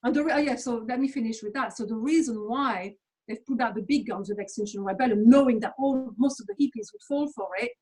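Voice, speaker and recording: A woman's voice: fairly high pitch, fast, a little mellow, slightly rough, poor audio. A woman from England, speaking as an interview guest in a blunt, sweary, emphatic rant. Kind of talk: casual conversational rant.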